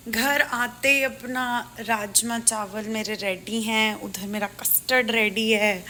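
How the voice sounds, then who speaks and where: A woman's voice: medium pitch, sharp tone, slight background noise. Chatty woman vlogger. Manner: chatty, switches freely between English and Hindi. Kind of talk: casual vlog chat, mixing English and Hindi. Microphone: phone held at arm's length.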